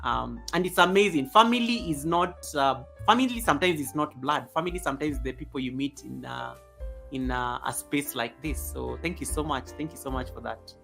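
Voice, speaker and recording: A man hosting a casual live stream at home, reading viewer comments aloud in an animated way, often chuckling, speaking into a desk microphone. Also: medium pitch, brisk, creaky, faint music behind. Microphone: USB desk microphone.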